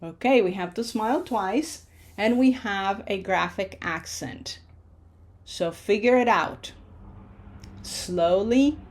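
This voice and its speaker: A woman's voice: mid-range voice, slow pace. A woman teaching a Spanish pronunciation lesson, patiently drilling syllables and checking in with frequent questions.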